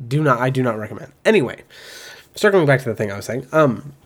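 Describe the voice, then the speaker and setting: Rambling, swearing casual host. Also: male voice, medium pitch, fast talker. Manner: rambling and animated, heavy swearing, many fillers; mimics other people's voices in quotes. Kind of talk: casual commentary.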